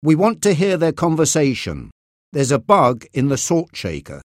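A man's voice: on the high side, wildly swooping pitch, normal speed, no echo, clean studio sound. A man reading aloud, voicing a firm, businesslike federal agent.

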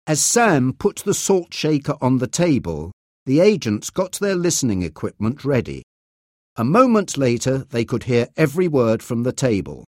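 A man reading a story aloud in a clear, expressive audiobook style. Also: medium pitch, moderate pace, dry recording, clean studio sound. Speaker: narrator.

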